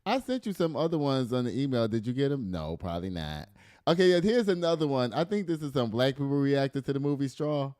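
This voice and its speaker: A man's voice: medium pitch, a little fast, dry recording, studio quality. A man hosting a casual news commentary podcast, reading headlines aloud and riffing on them with laughs and swearing. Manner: animated, laughing, swearing, reads news aloud then riffs. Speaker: podcast host.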